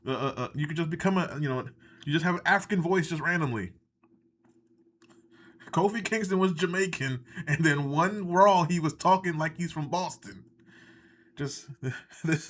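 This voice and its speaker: A man riffs through a live reaction stream in loose, profane commentary. His tone is sarcastic and exasperated throughout. His voice sits slightly high for a man. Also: normal speed, a bit bright. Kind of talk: casual ranting commentary.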